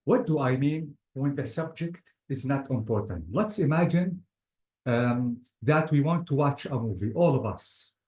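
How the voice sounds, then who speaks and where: A man's voice: mid-range voice, expressive, unhurried, a little mellow. A man teaching an English grammar lecture to a class, often repeating words and calling students "guys". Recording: roomy classroom echo.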